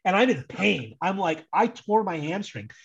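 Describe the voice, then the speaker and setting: Young American guy, guest storyteller, casual and rambling, husky tone, muffled call line. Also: high-pitched, moderate pace. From United States. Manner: rambling, animated, heavy use of "like". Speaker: guest, soccer super fan.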